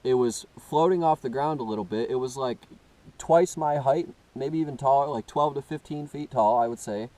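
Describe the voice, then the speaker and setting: A man earnestly telling a first-person story, halting and often restarting as he searches for words. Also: medium pitch, dark tone, low-quality recording. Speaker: personal testimony speaker.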